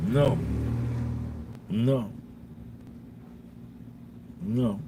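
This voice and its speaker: A man's voice: medium pitch, extremely slow, background noise. A man hosting a live podcast, giving a blunt, profane monologue and repeating his points for emphasis. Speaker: podcast host.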